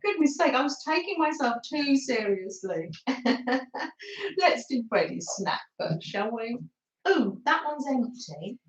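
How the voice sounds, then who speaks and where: A woman's voice: fairly high pitch, big pitch swings, unhurried. A woman hosting a live craft stream from her home craft room, rambling and laughing at herself and cooing fondly at her dog. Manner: rambling, self-mocking, laughs often, coos at her dog. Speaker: craft livestream host. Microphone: streaming camera on the table. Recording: roomy, slightly dull home stream.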